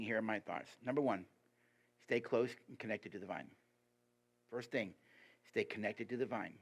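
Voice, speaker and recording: A man giving a sermon as a guest preacher, lively and emphatic, putting rhetorical questions to the congregation. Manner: lively and emphatic, pitch rising on key points.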